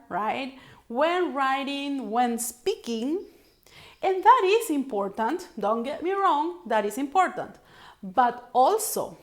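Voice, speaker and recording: Woman, high voice, slow measured pace, English coaching talk, emphatic, checks in with the listener. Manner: emphatic, checks in often with "right?". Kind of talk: coaching video talk to camera.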